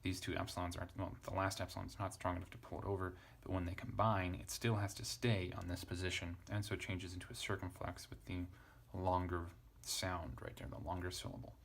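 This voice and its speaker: Casual male teacher, deep and gravelly, who thinks aloud and spells out letters; faint noise underneath. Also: level tone, fairly quick, few pauses. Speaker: Greek teacher. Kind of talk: casual lesson, parsing text aloud.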